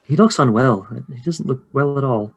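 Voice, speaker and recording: A man's voice: mid-range voice, lively intonation, moderate pace, husky, highs cut off. A man voicing a gossipy small-town innkeeper woman, chatty and confiding, in a slightly raised voice.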